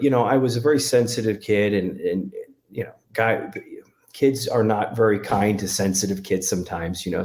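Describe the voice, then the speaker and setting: A man from Connecticut talking candidly as an interview guest, halting with many restarts. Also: low-pitched, darkish tone. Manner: halting, lots of restarts and fillers. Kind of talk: candid personal conversation.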